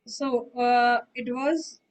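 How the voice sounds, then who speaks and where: Her voice is slightly high and steady, and she talks very slowly on a low-quality recording. In this online one-on-one French lesson, she explains things patiently and keeps making sure the student understands.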